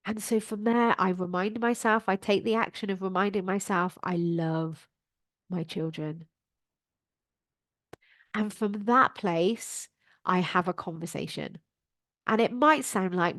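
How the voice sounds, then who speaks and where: A woman, a life coach, hosting her podcast in an animated motivational style and acting out her own inner voice. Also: medium pitch, a little slow, pauses often, no echo, studio quality.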